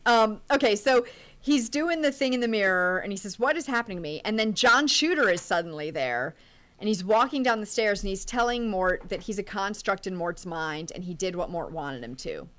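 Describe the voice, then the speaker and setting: A woman co-hosting a movie podcast, walking through the plot scene by scene in a casual, animated way. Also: mid-range voice, normal speed. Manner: recaps plot in detail, animated. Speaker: podcast co-host.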